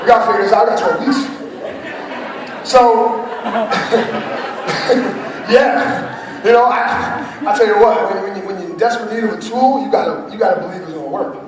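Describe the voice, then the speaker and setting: A man in his thirties giving an energetic motivational speech to a live audience, laughing often and building to shouts. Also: high-pitched. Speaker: motivational speaker. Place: large conference hall. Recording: echoey hall recording from far off.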